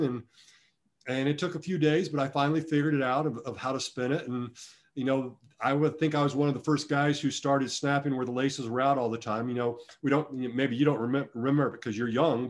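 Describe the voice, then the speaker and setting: A middle-aged man speaking at an everyday middle pitch, telling long stories as an interview guest. He rambles, restarts his sentences often and pokes fun at himself. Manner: rambling, self-deprecating, frequent restarts. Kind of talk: conversational storytelling interview.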